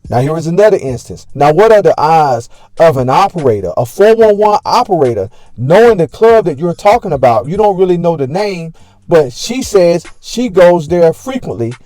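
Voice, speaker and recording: Guy narrating recaps between clips, mellow darkish voice, sums stuff up. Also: fairly high pitch, sing-song, normal speed.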